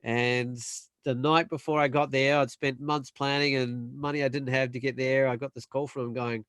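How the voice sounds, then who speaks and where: A young man telling a long, animated story in casual chat, acting out the other people's voices. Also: medium pitch, clean tone, no room sound. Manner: animated storyteller, acts out quoted voices, quick bursts. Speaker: panel guest.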